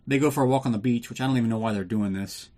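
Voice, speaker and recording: A man's voice: medium pitch, racing, warm tone. A man hosting a casual movie recap podcast, ranting and sarcastic with plenty of swearing, drinking while he talks. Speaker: podcast host.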